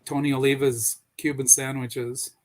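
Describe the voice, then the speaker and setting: A man's voice: medium pitch, level tone, moderate pace. Friendly man telling stories. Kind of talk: casual chat, storytelling.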